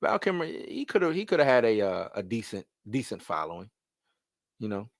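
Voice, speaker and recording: A man hosting a live stream, ranting in loose, slangy casual talk that repeats itself and swings between loud and soft. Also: on the low side, very animated, a little fast, vocal fry, no room sound, studio quality.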